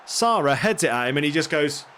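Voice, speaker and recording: A man casually commentating his own football management game, getting excitable and swearing when things go wrong. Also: on the high side, a little fast, slight background noise. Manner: excitable, swears when frustrated, self-deprecating asides. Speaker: gaming streamer.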